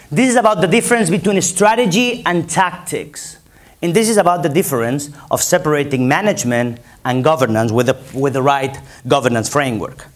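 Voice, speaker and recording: Spanish-accented male keynote speaker, higher voice, emphatic and repetitive. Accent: Spanish, from Barcelona. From Spain. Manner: emphatic, repetitive, rallying the audience. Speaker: conference speaker. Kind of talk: conference keynote presentation. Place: conference hall.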